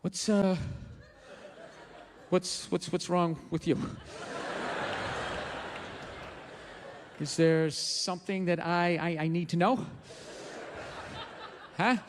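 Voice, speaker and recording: A man doing a low, halting gorilla. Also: fairly even intonation. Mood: suspicious. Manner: hesitant, halting questions. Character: sad, probing female gorilla who signs. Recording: large hall reverb, faint room noise.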